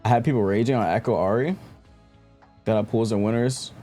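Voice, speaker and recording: A man's voice: lowish voice, brisk, warm tone, soft background music. Sarcastic, ranting young man streamer. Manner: ranting, sarcastic, repeats himself. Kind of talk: gaming stream commentary, match review.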